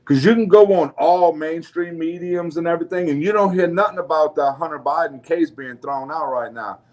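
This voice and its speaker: A man with a slightly high, a little mellow voice and a moderate pace hosts a casual podcast. He comes from the New Orleans area and has its accent, and his loose talk is full of laughter, free swearing and frequent restarts.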